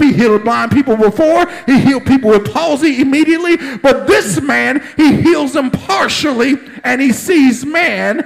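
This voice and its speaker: High-pitched, gravelly man preaching fervently. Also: low-quality recording. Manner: fervent, builds to shouting exclamations. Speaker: pastor. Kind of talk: sermon.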